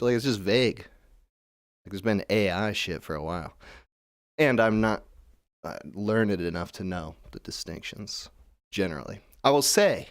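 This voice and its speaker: A man's voice: fairly low pitch, clear, resonant tone, no room sound, studio quality. Cynical, profane man ranting as host. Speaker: call-in show host. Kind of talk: casual rant.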